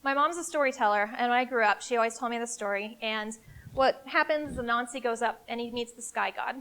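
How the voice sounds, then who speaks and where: A woman with a somewhat high voice gives a live conference talk. She is energetic and emphatic, speaking casually and directly to the audience in the room. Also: a little fast. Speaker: CEO giving a marketing presentation.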